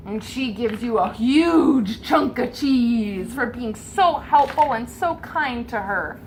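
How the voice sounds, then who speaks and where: A woman runs a tabletop adventure for a child, narrating with animated, gently coaxing warmth. Her voice sits a touch higher than most women's, with a faint hum of ambience behind it. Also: slow, hardly any pauses. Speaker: game master.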